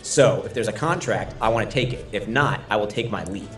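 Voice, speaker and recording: A terse elf witch hunter with a low voice who answers in clipped, formal sentences, played by a man at a tabletop game. He stays cool and guarded, and faint music runs underneath. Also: brisk, fairly bright tone, natural voice.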